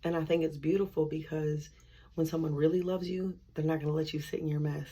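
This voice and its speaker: A woman's voice: low voice, level tone, brisk, mellow, a little hiss or hum. A woman giving a candid, conversational faith testimony, acting out her inner dialogue with God. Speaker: speaker sharing a faith testimony.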